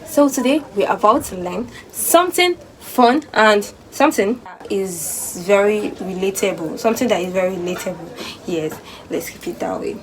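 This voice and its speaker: A young woman, hosting a casual educational vlog and explaining physiology in a chatty, animated way. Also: medium pitch, moderate pace, poor audio. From Nigeria. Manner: chatty and animated, acting out sleepy voices and sighs. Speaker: student host of a physiology channel.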